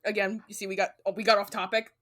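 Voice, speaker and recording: A woman in her twenties co-hosting a podcast, chatting casually with animated, profane storytelling. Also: medium pitch, fast. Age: 20s. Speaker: podcast co-host. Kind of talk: casual chat.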